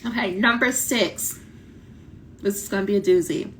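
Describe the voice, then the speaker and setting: A woman coaching doctoral students in a casual live talk, blunt and lively, acting out quoted voices, her voice starting to tire. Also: mid-range voice, normal speed, a little hiss or hum. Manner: animated, blunt, talks directly to viewers, acts out quoted voices. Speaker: dissertation coach.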